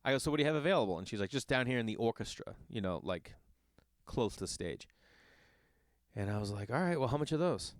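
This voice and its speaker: A man who is a father, hosting a podcast and telling a long casual story in an animated, exasperated and profane way. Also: mid-range voice, quick pace, dry recording. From Los Angeles area. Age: adult with children. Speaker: podcast host.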